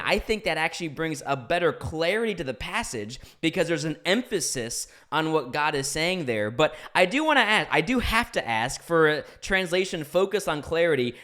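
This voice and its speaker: A young man hosts the show, asking questions in an earnest and curious tone. His voice sits a little high for a man, and he often pauses with fillers and corrects himself mid-sentence. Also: a bit bright. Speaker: podcast host. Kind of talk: interview questions.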